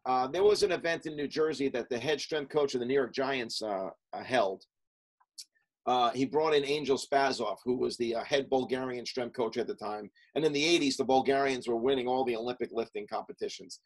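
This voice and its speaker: Animated middle-aged man telling stories. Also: mid-range voice, poor audio. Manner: animated, talks in quick lists with many fillers. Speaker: podcast guest, coach and business founder. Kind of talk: casual storytelling interview.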